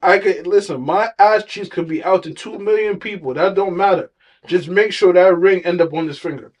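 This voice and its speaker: A man's voice: high voice, normal speed, low-quality recording. A man co-hosting a casual podcast, arguing his points and telling stories in slangy, loose speech. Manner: storytelling, argumentative, slangy. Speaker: podcast co-host. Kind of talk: casual chat.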